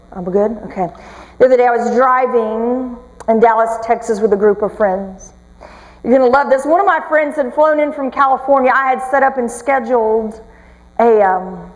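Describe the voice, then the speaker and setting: A woman giving a motivational talk on stage, telling stories with humor and teasing her audience. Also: fairly high pitch. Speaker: motivational speaker. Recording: long reverb of a large hall.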